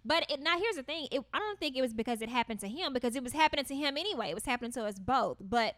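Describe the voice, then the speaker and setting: A woman's voice: high voice, animated, very fast, fairly bright tone, dry recording. A woman co-hosting a couples podcast, telling stories casually and quoting her husband. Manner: chatty storytelling, quotes her husband. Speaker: podcast co-host.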